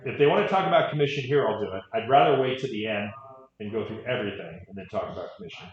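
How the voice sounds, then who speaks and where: A man's voice: on the low side, lively intonation, fast talker. Real estate trainer, male, wry and conversational, echoey room, dull audio. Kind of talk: training talk with stories.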